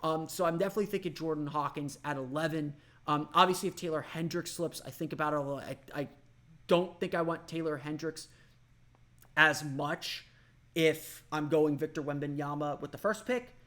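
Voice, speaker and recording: A man's voice: fairly high pitch, normal speed, fairly bright tone. A man from Orlando hosting a solo sports podcast, thinking aloud in a loose, conversational way. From Orlando, Florida. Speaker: podcast host.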